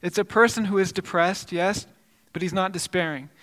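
A man's voice: high voice, normal speed, a bit bright, big-room sound. A male pastor preaching a sermon, telling a story earnestly with frequent repeated words and restarts.

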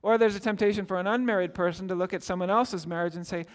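A man's voice: sits high, fairly even intonation, fast talker, hardly any pauses, in a large hall. A middle-aged man preaching a sermon, telling stories in a conversational way and acting out the quotes. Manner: storytelling, conversational with acted quotes. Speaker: pastor.

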